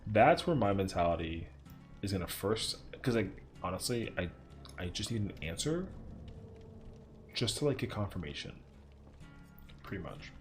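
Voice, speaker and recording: A man's voice: fairly low pitch, big pitch swings, unhurried, long pauses, soft background music. A young man casually commentating his own gameplay on a livestream, swearing in frustration and chatting with viewers. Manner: frustrated, swearing, talking to chat. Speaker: streamer.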